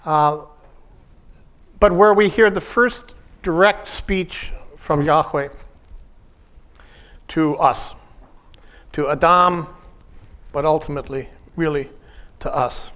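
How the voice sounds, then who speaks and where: A man who works as a pastoral counselor, giving a reflective workshop talk in short, measured phrases. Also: fairly high pitch, fairly bright tone.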